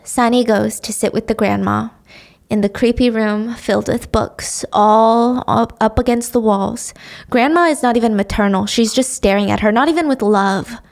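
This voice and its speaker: A young adult woman hosting a podcast, recapping a drama plot in a chatty, expressive way with casual swearing. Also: on the high side, normal speed, vocal fry. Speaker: podcast host.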